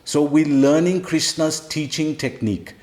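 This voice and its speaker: A man's voice: fairly high pitch, a little slow, a little mellow. A man giving a sermon to devotees, emphatic and repeating key phrases. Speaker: spiritual teacher. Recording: roomy echo.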